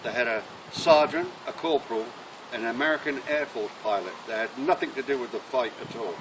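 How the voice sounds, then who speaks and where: A man telling a long, earthy joke in an animated voice. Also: medium pitch, brisk. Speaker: joke teller. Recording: noisy room.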